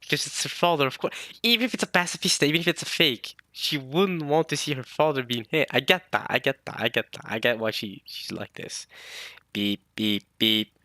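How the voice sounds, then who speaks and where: A young man hosting a manga reaction video, excitable and slangy, laughing often. He talks into a close mic. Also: medium pitch, no room sound. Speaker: reaction channel host.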